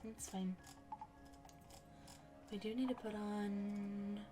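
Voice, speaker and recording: A woman's voice: mid-range voice, little pitch movement, drawn-out words. Chatty young woman, casual game commentary, game music and typing heard behind her. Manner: chatty, thinking aloud while playing. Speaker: gaming channel host. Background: game music and keyboard typing.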